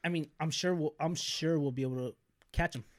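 A man's voice: fairly high pitch, brisk. A young man co-hosting a casual podcast chat, easygoing and agreeable, laughing along. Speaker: podcast co-host.

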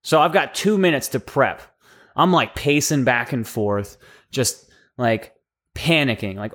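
A man's voice: medium pitch, unhurried. A young man on a podcast, casually telling a long funny story and acting out the voices of the people in it. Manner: animated storyteller acting out quoted voices, lots of "like". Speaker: podcast co-host.

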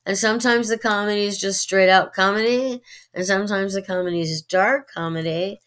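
A middle-aged woman with a Californian Valley accent, talking earnestly as an interview guest, with many pauses and fillers. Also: medium pitch, a bit bright. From United States. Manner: earnest, opinionated, halting with fillers. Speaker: guest, actress and writer. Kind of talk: interview conversation.

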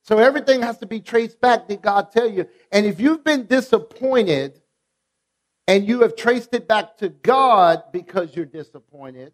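A man's voice: high voice, expressive, measured pace. A man preaching a sermon, emphatic and rhythmic, repeating his phrases and prompting the congregation to answer back. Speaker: pastor. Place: church sanctuary.

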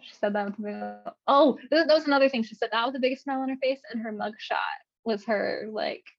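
Young woman co-host, gravelly husky voice, lots of laughter, dull lo-fi sound. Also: a little high, brisk, faint music behind. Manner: laughs often, animated storytelling. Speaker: podcast co-host. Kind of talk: casual chat. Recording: dull lo-fi mic.

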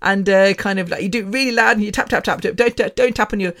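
A woman's voice: medium pitch, fast, a bit bright. A woman hosting her own podcast in a casual personal monologue, frank and candid with mild swearing, rambling with frequent restarts. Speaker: podcast host.

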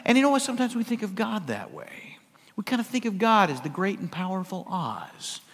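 A middle-aged pastor from the US West Coast preaching a conversational sermon, swinging between loud and hushed. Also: male voice, sits high, sing-song, fairly quick, husky, in a large hall.

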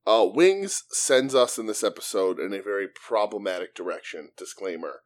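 A man's voice: lowish voice, expressive, moderate pace. A man co-hosting a casual podcast, recapping and joking with friends. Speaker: podcast host. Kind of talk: casual chat.

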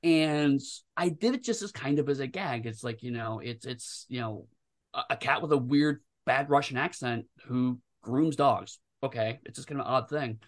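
A man, a game designer guest, talking at length in a rambling, animated way with many restarts. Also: medium pitch, moderate pace. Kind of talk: casual interview chat.

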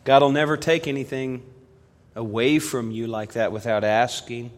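A man delivers a sermon from the pulpit, his mid-pitched voice carrying through a church hall with a long reverb tail. He tells stories in a storyteller's rhythm, pushing hard on key lines and then dropping to a near hush for his appeals. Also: fairly even intonation, moderate pace. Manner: storytelling preacher, swings from loud emphasis to hushed appeal. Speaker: pastor. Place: church sanctuary.

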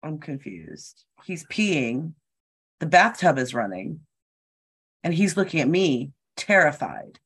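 A woman's voice: sits low, big pitch swings, takes it slowly, husky. A woman telling a story in casual chat, acting out what people said and swearing freely.

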